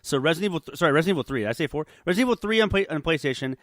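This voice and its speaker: A man's voice: on the high side, lively intonation, rapid-fire, dry recording, studio quality. A man co-hosting a casual podcast chat, talking in a profane, joking way while a bit tipsy. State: tipsy from drinking. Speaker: podcast co-host.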